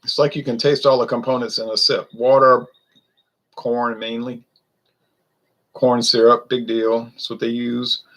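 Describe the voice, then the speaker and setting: A man's voice: mid-range voice, little pitch movement, unhurried, long pauses, fairly bright tone, low-quality recording. A man, chatting loosely and rambling through a casual beer review. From Louisiana. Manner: rambling, chatty, wanders off topic.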